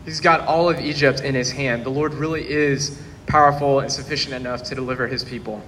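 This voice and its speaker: A man preaching a sermon with a bright, forceful tone and an earnest, steady delivery. His voice rings out with a long reverb from a large church hall. A faint room ambience hums behind him. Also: medium pitch, brisk, a little hiss or hum. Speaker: pastor.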